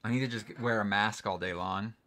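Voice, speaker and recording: A young man co-hosting a live stream, chatting casually in quick, animated banter. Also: on the low side. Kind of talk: casual chat.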